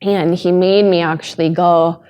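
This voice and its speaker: Low-voiced earnest woman podcast host. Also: fairly even intonation, unhurried, darkish tone, smooth. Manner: earnest, emotional, with hesitant restarts. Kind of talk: candid podcast conversation.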